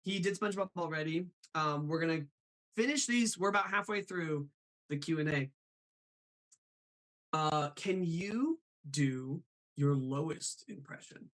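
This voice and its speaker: A man with a slightly high, somewhat bright voice hosts a live show, chatting casually about voice impressions. He is chatty, tosses in quick asides, and reads questions from the chat aloud.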